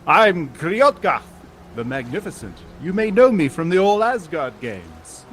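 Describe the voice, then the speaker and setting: A man voicing a pompous, boastful Viking showman in a cape, with a grand, drawn-out way of introducing himself. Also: high voice, sing-song, a bit bright, slight background noise, pitched above the performer's own voice, exaggerated voice.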